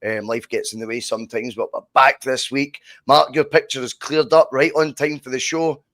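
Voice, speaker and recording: A man with a mid-range, fairly bright voice hosts a casual podcast over a video call, speaking at a moderate pace with a steady tone. The recording is dry and clean, studio-like, and he sounds chatty and matey as he plugs the channel.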